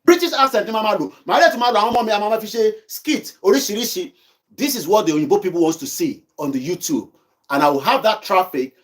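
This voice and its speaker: Nigerian man, Yoruba accent, high voice; rousing livestream host switching between English and Yoruba. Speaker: online activist show host. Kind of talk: livestream commentary. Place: kitchen at home.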